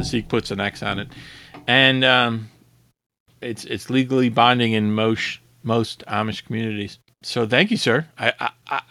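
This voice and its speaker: A man's voice: medium pitch, vocal fry, bright, forceful tone, no echo, clean studio sound. A man playing a tabletop role-play game, talking in a hesitant, stammering, joking way.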